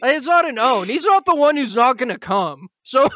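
A man hosting a podcast in casual, ironic banter, mock-serious and prone to bursts of shouting mockery. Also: very high-pitched, sing-song, moderate pace, slight background noise. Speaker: podcast host.

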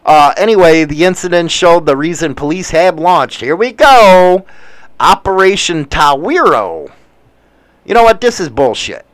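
A man in his forties with a Chicago accent, rambling through news with profane, animated asides. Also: a little high, measured pace, no room sound. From United States. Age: 40s. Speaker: commentator reading news. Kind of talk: casual commentary.

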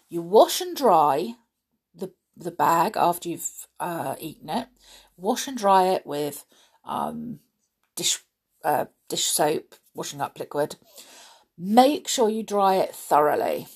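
Slow, gravelly woman host. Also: lowish voice, very animated. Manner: gentle, slow, with many ums and pauses. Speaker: children's show host. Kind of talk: casual chat to children.

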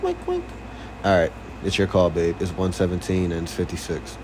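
A young man co-hosting a casual home podcast, telling animated stories, laughing often and swearing freely. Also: sits low, fairly quick. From Philadelphia. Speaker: podcast co-host. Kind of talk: casual chat. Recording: noisy home recording.

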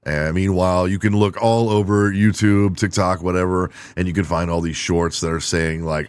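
A man's voice: low voice, level tone, moderate pace, hardly any pauses, clear, resonant tone, dry recording. A man hosting his own podcast, delivering an irreverent, profane comedic monologue and laughing at his own jokes. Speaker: podcast host.

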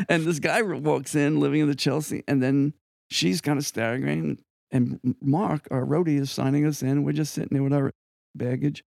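An older man from Long Island, a guest musician telling rambling, animated stories with frequent asides in an interview. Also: fairly high pitch, moderate pace, vocal fry, no room sound, studio quality. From Long Island, New York. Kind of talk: anecdotal storytelling in an interview.

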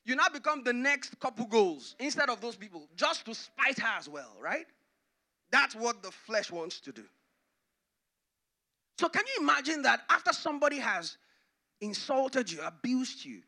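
Pastor preaching, sharp bright voice, gravelly, goes loud then hushed. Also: male voice, extremely high pitch. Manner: dramatic, swings from loud to hushed. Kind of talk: sermon.

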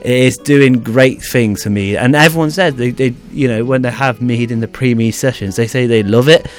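A man with a mid-range voice, talking on a radio show in a studio. He speaks in a relaxed, hesitant way, with faint music playing underneath. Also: mid-range voice, normal speed. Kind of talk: casual radio chat.

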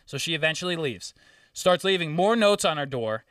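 A man's voice: fairly high pitch, normal speed, clear, resonant tone, no room sound, clean studio sound, recorded from a distance. Profane storytelling man, slightly off-mic. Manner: profane, animated storytelling with acted-out quotes. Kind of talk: casual storytelling chat.

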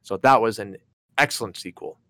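A man's voice: lowish voice, fairly quick, no room sound, clean studio sound. A man co-hosting a casual podcast, talking loosely, swearing freely and acting out lines from movies. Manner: animated, swears freely, acts out quotes. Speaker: podcast co-host. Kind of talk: casual chat.

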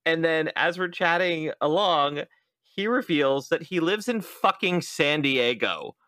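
A man's voice: fairly high pitch, unhurried, no echo. A young adult man hosting a podcast, telling a story in casual chat and acting out the quotes. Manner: animated storyteller, acts out quotes. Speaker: podcast host.

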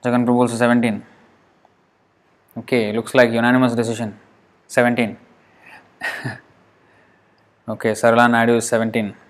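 A man leads an online class over a video call at a middle pitch. He speaks patiently, reads out his students' answers one by one and breaks words into syllables, stretching them slowly as he counts. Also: flat delivery. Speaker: Sanskrit teacher.

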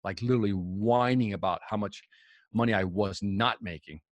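A man's voice: lowish voice, normal speed, dry recording. Male guest speaker, casual storyteller who voices the people in his anecdotes, recorded dry. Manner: animated storyteller acting out dialogue. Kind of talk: storytelling interview chat.

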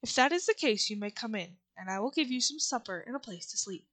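A woman's voice: a little high, animated, quick pace, a bit bright, no room sound. A woman reading aloud, voicing a cautious country housewife who questions her visitors. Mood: wary. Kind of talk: audiobook reading.

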